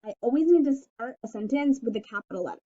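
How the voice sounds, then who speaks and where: A woman teaching young children a phonics and sentence lesson on video, speaking slowly and clearly in an encouraging way. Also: fairly high pitch, expressive, dark tone. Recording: slightly dull lo-fi audio.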